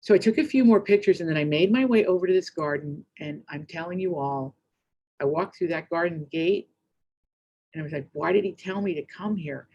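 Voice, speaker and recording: A middle-aged woman giving a keynote speech, telling a story in a chatty, rambling, animated way with quick asides. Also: fairly low pitch, highs cut off. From United States. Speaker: keynote speaker.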